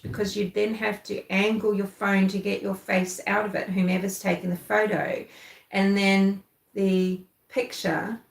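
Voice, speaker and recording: A woman from New Zealand with a softened New Zealand accent, hosting a casual true-crime livestream and chatting with viewers. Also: mid-range voice, gravelly, reverberant, poor audio. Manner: chatty, thinks aloud, answers live chat. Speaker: livestream host.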